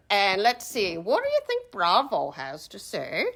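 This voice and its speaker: A woman's voice: mid-range voice, huge pitch swings, unhurried, hardly any pauses. A woman reading a children's storybook aloud in a playful, theatrical way, over background music. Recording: music playing underneath.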